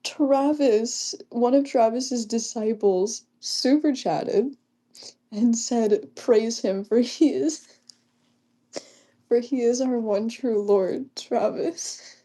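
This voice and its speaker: A young woman livestreaming in a casual chat, reading comments aloud, often giggling and keeping her voice hushed. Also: a little high, slow pace.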